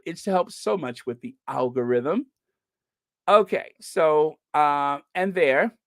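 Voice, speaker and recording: Slow, chatty livestream host from the US. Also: mid-range voice, lively intonation, no room sound, studio quality. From United States. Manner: chatty, giggles at own jokes. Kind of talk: casual livestream chat.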